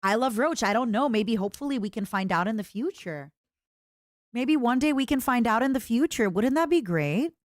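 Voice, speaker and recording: A woman streamer chatting casually with her viewers, rambling and animated, often restarting her sentences. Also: a little high, normal speed, no room sound, studio quality. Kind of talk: casual livestream chat.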